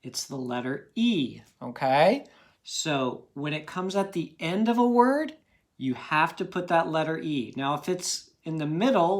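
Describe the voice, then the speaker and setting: A man teaching a phonics lesson to children, patient and encouraging, checking in often with "okay?". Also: a little high.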